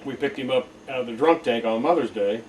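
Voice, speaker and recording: A man talks quickly and plainly through family events in a matter-of-fact tone. He is recorded from some distance, with faint noise behind him. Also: mid-range voice. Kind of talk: casual storytelling. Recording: distant mic.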